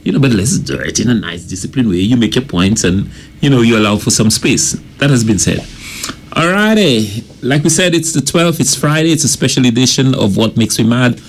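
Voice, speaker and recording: A man co-hosting a morning radio talk show, speaking in a measured way and stressing discipline and focus. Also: medium pitch, expressive. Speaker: radio co-host.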